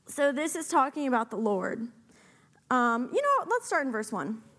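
A woman giving a sermon as a guest preacher, animated and playful, with sarcastic asides. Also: sits high, moderate pace.

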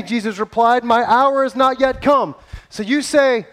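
A man leading an interactive Bible story on stage, playful and energetic as he coaches volunteers in front of a live audience. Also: extremely high pitch, measured pace.

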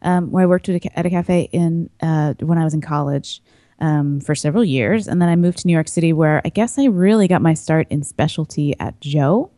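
Low, mellow woman chatting casually. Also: fairly quick, no room sound, clean studio sound. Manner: chatty, laughs easily, trails into fillers. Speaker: podcast guest, coffee importer. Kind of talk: casual chat.

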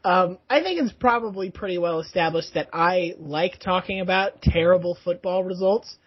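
A man from Tampa with a husky voice tells jokes in a flat, dry way during casual sports chat. The recording sounds dull and lo-fi. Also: high voice, normal speed, no echo. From Tampa, Florida. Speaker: podcast co-host. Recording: dull lo-fi podcast audio.

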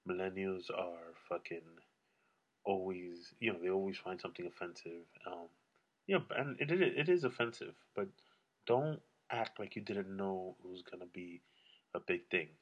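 A man vents on his own to camera in a loose, rambling monologue. His voice sits low with a husky edge, and his manner stays blunt and heavy on swearing. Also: normal speed, lo-fi sound. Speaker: solo vlogger. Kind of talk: casual solo rant.

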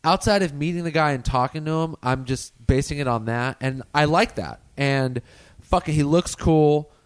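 A man in relaxed podcast chat, rambling and swearing as he talks. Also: fairly high pitch, moderate pace, smooth, no echo. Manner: laid-back, swearing, rambling. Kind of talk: casual chat.

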